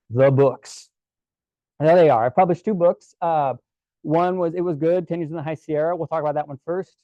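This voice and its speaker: A man giving a casual storytelling presentation to a club, relaxed and chatty with many fillers and restarts. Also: fairly high pitch, no room sound, muffled recording. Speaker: guest presenter at a camera club.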